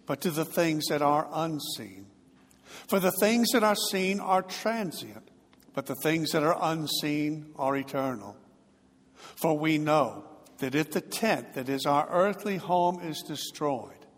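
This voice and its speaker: A man's voice: fairly high pitch, in a large hall. A man, a pastor, delivering a sermon with dramatic storytelling and big swells in volume.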